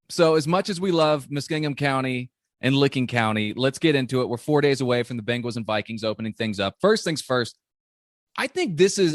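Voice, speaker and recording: A man's voice: medium pitch, dry recording. Ohio guy hosting a sports podcast, wired and chatty, dry close sound. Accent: Central Ohio. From Zanesville, Ohio. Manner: fast, excitable, self-deprecating. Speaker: podcast host. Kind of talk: casual sports interview.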